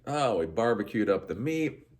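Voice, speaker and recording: A man's voice: on the low side, big pitch swings, moderate pace. A man hosting a podcast, telling a rambling story in a casual monologue with frequent restarts. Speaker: podcast host.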